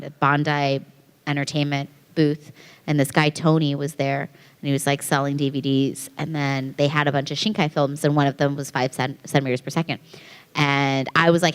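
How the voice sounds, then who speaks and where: A woman on a convention panel, telling a story with animated energy and a slightly lower voice. The sound carries a long reverb from a big hall. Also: moderate pace, clear, resonant tone. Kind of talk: casual panel Q&A.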